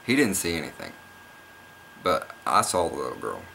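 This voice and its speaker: A young man with a low, bright-edged voice tells a story straight to camera. He rambles and repeats himself, getting more and more excited. A faint hiss sits under the recording. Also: normal speed, gravelly. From Oklahoma. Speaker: vlogger. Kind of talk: casual storytelling vlog.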